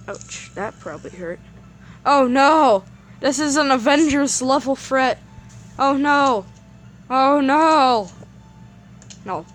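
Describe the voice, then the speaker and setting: An excitable woman chats her way through a game at an unhurried, drawn-out pace. She rambles, trips over her words and repeats herself when things go wrong, then drifts back to easy chatter. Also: a little high. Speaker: gameplay commentator. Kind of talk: casual gameplay commentary.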